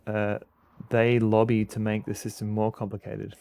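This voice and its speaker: A man with an Australian accent streaming a game, chatting casually in a halting, rambling way with many fillers. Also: fairly low pitch, monotone, vocal fry, dark tone. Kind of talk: casual commentary while playing a game.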